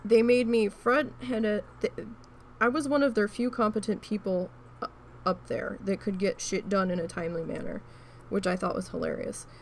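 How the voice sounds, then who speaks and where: A woman with a creaky, gravelly edge to her mid-pitched voice tells a story from her working life in a casual, frank way. She talks while crafting, restarting her sentences often. Faint noise sits underneath. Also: fairly even intonation, normal speed. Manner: chatty, frank, with frequent restarts and swearing. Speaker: crafting vlogger.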